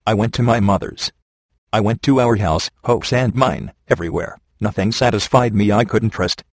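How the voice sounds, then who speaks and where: A man narrating a first-person memoir, reading in a steady, measured way. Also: on the low side, no room sound.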